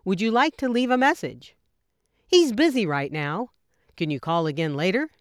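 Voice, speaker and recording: A woman reading example phone phrases for an English lesson, with clear, measured delivery. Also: mid-range voice, expressive, no room sound, studio quality. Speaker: English teacher.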